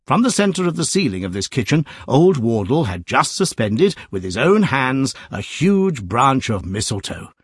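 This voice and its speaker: A man narrating a classic novel aloud, with a lively, varied storytelling delivery. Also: mid-range voice, normal speed, hardly any pauses, breathy edge, no room sound, studio quality.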